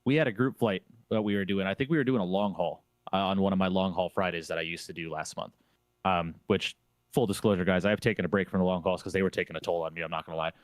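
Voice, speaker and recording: A man's voice: deep voice, fairly even intonation, fast talker, dry recording. A man on a streamer panel discussion, talking emphatically and opinionatedly, repeating phrases to drive his point home. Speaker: flight sim streamer on a panel.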